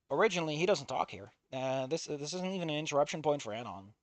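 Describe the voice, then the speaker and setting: A streamer reading a visual novel aloud in casual commentary, swearing often and swinging from low muttering to loud outbursts. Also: expressive, fast, no echo. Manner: swears a lot, rants and self-mocks.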